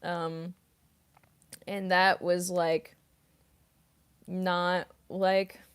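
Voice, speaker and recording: Young woman, voice actress, casual stream Q&A, unhurried pace, rambling with fillers and giggles. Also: on the low side, level tone, clear, resonant tone. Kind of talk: casual livestream Q&A chat.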